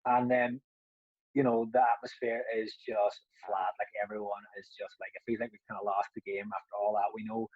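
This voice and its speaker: A man's voice: lowish voice, level tone, brisk, slightly rough, dry recording. A man, a young adult and former footballer, telling a rambling story in casual chat with frequent laughs and restarts, in a dull, lo-fi recording. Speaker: former footballer, podcast co-host.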